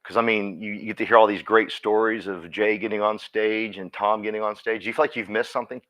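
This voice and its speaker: Energetic folksy man, motivational talk. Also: lowish voice, quick pace, highs cut off. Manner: energetic, folksy, repeats words, laughs often. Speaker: team leader speaking at a company meeting.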